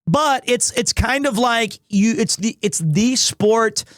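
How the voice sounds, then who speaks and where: A man in his thirties streaming live, chatting casually in a rambling, animated way with restarts, recovering from asthma and clearing his throat. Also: very high-pitched, takes it slowly, no echo, studio quality. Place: small home room.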